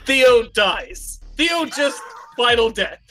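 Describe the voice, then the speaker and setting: A man at a tabletop game table who throws out quick asides and curses freely at the dice. His voice swings lively in pitch, and it sounds dry and close to the mic. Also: no echo, soft background music. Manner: swearing, expressive, quick asides. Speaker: player.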